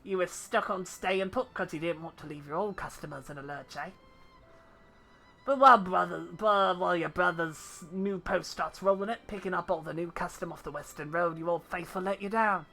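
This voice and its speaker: A woman voicing a gruff middle-aged male ex-pirate turned debt collector, swaggering and full of seafaring slang. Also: lowish voice, moderate pace, fairly bright tone. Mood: wry.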